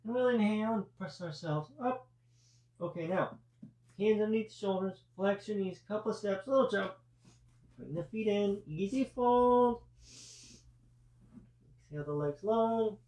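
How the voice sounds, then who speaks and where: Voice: medium pitch, normal speed, a little mellow, recorded from a distance. Yoga teacher cueing poses in a roomy space. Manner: cues breath and poses, chatty asides. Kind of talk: live yoga class instruction. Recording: roomy, voice from off-mic.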